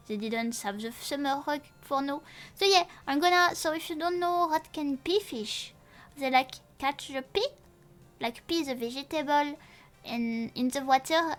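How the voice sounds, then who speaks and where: A young woman who speaks natively, chatting casually on a live stream in a rambling, halting way with many restarts and playful swearing. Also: high-pitched, fairly bright tone. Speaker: VTuber streamer.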